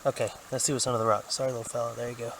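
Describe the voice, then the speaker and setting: A man giving folksy, excitable commentary to a handheld camera as he metal detects in a creek, a bit out of breath. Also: mid-range voice, racing, rough recording. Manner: excitable, folksy, talks to camera while working. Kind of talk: casual running commentary while detecting. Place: outdoors in a creek. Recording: outdoor camera audio with clear background noise.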